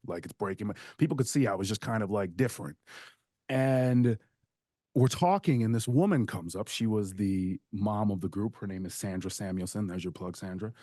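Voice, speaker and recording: On a casual podcast, a man rambles through a personal story, animated and often checking in with "right?" His voice is lowish at normal speed, captured in a clean, dry studio recording.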